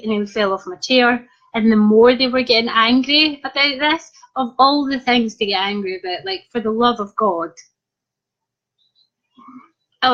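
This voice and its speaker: A young Scottish woman tells her viewers a cheeky story in a relaxed, casual way. Her voice sits fairly high, and she keeps breaking into giggles. The sound is dull and lo-fi. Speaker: vlogger.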